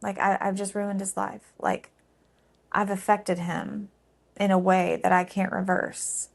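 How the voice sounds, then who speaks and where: A middle-aged woman recounting a painful personal story, halting and emotional, with frequent fillers. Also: medium pitch, flat delivery, creaky.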